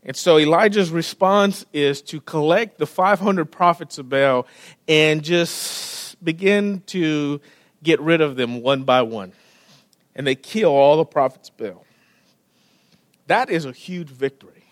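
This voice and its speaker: High-voiced man preaching a sermon. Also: unhurried. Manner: animated storytelling, dropping to a hushed voice for quiet moments; casual, with slang and frequent word repeats. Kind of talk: sermon retelling a scripture story.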